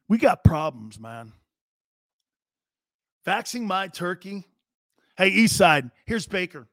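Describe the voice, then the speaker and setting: A man hosting a live sports talk show, loud and brash, joking and hollering. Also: sits high, sing-song, slow, vocal fry, pauses often, no room sound, clean studio sound.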